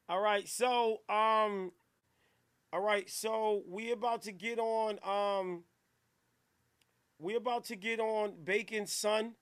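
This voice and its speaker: Guy hosting a radio show, high bright voice, slow easy talk, loud slangy banter. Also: fairly even intonation, clear, resonant tone. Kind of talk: casual radio show chat.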